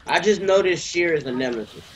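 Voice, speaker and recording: A man's voice: fairly high pitch, lively intonation, fairly quick. A young man in casual gaming voice chat, bickering and swearing offhandedly. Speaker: gamer on voice chat.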